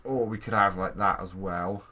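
A man's voice: deep voice, fairly even intonation, normal speed, pushed and bright. Chatty young man playing a game. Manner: chatty, bossing the game characters around. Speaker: co-host of a game let's play. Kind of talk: casual gaming chat.

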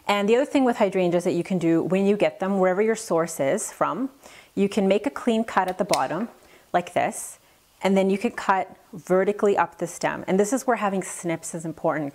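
A florist instructor works through a demonstration tutorial at a flower shop work table, explaining each step in a friendly, practical way and offering tips as she goes. Her lowish voice is a little mellow, with a little hiss or hum in the recording.

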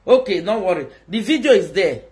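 A Nigerian woman streaming live, her voice leaping up and down in sing-song calls as she jokes with viewers. She teases and hawks in a playful, bouncy rhythm. Her pitch sits in a middle range. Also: expressive, brisk, darkish tone. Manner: sing-song hawking calls, switches between Pidgin and Yoruba; teasing, talks to viewers. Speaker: social media live streamer. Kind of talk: playful livestream chatter.

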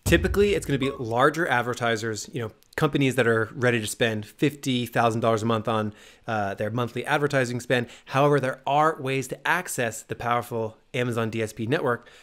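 A man's voice: medium pitch, brisk, fairly bright tone. A man co-hosting a podcast in casual, upbeat chat, joking around with energy. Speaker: podcast co-host.

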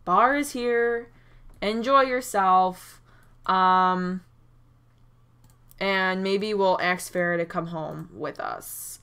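A woman giving chatty, excitable commentary over a life-sim game, recorded on a desk mic at her computer. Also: fairly low pitch, slow pace, clear, resonant tone. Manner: chatty and excitable, frequent "oh my gosh" and small gasps. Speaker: gaming YouTuber. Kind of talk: casual gameplay commentary.

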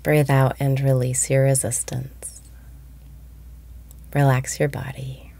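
A woman guiding a meditation, speaking slowly and softly, often breathy and whispered. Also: a bass voice, level tone. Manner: slow, soft-spoken, often breathy and whispered. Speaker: meditation guide. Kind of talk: guided meditation.

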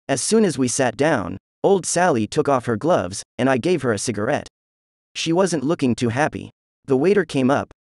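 A man reads a novel aloud in the first person, his telling casual and wry. His voice sits at a middle pitch. The recording is dry and close, with no room sound. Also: darkish tone, dry recording. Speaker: audiobook narrator.

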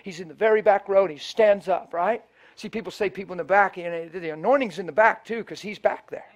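A man's voice: sits high, fairly quick. A middle-aged male preacher telling a story to his congregation, acting out both sides of the conversations as he goes. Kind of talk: storytelling sermon. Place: church before a live congregation.

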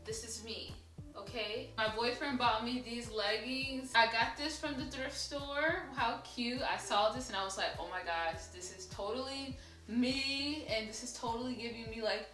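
Bright chatty young woman vlogging. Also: on the high side, normal speed, soft background music, rough recording. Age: 20s. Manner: chatty and upbeat, laughs often. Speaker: YouTube vlogger. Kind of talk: casual get-ready-with-me chat. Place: her home at night.

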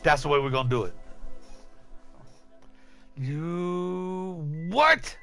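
A middle-aged man gives casual game commentary in a gravelly, fry-edged voice. He is chatty and laughs often, talking to his chat and teammates, and faint music plays behind him. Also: on the high side, slow, pushed and bright, low-quality recording. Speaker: gaming streamer.

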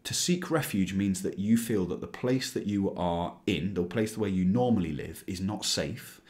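A man with a notably deep, low voice talks through a recorded history lesson for a school class. He explains step by step, pausing on filler sounds and restarting his sentences as he goes. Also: darkish tone. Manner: explanatory, with frequent ums and restarts. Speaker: teacher.

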